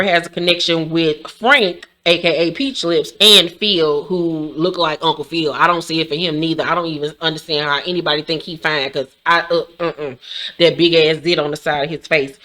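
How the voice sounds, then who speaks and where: A woman hosting a casual, profane recap of a reality show, talking in a sassy, blunt and animated way with sudden shrieking outbursts. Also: sits low, moderate pace.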